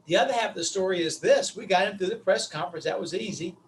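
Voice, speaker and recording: A man giving a motivational webinar talk, telling stories in an animated way that swings from loud to quiet. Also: high voice, quick pace, recorded from a distance, slight background noise, rough recording. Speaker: speaker.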